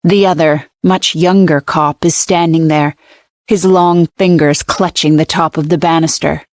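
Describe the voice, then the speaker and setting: Audiobook narrator: woman, low voice, measured and wry, dry close-miked studio read. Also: steady tone, no room sound. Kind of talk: scripted first-person audiobook narration. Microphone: close studio mic.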